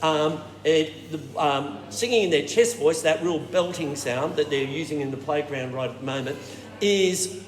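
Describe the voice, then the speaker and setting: A man leading a choir warm-up workshop, explaining technique and showing it with hums and falsetto sounds. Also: normal speed. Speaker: choir director. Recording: roomy hall with reverb and noise.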